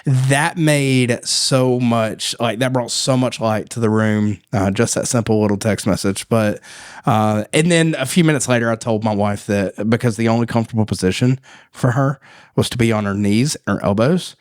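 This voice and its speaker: A man's voice: mid-range voice, normal speed, clean tone, dry recording. A man tells a story on his podcast in easy, casual talk, laughing often. His voice sits in a middling range. The recording is dry and close. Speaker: podcast co-host.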